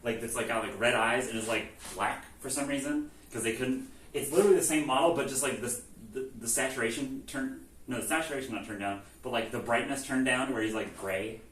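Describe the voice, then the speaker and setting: Speaking a little fast with barely any pauses, a man with a mid-range voice retells a video game's story as a laid-back comedic talk. He acts out the characters' dialogue, laughing and swearing a lot, while a distant mic picks up an echoey room and faint noise.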